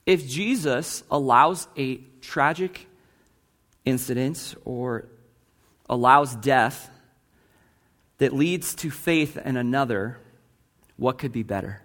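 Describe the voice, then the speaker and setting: A man's voice: mid-range voice, takes it slowly, pauses often, fairly bright tone. A male pastor preaching a sermon with earnest delivery, posing rhetorical questions to the congregation and reading long quotations aloud.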